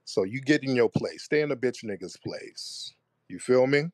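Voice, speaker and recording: A man's voice: mid-range voice, expressive, a little mellow, no room sound. Taunting man hosting a heated audio room. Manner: taunting, domineering, slow and deliberate jabs. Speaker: host. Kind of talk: confrontational live audio chat. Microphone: live online audio room.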